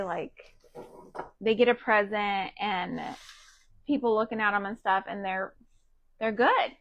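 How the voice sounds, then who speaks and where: A woman's voice: mid-range voice, gravelly, sharp tone, no echo, dull audio. A woman, around her thirties and from Texas, chatting casually and rambling with lots of fillers while she crafts live for her viewers. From Texas, USA. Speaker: craft livestream host.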